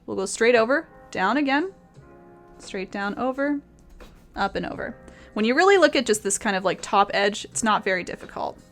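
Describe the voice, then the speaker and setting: A woman's voice: on the high side, expressive, normal speed, soft background music. A woman teaching painting on a live stream, chatty and laughing often as she answers her chat.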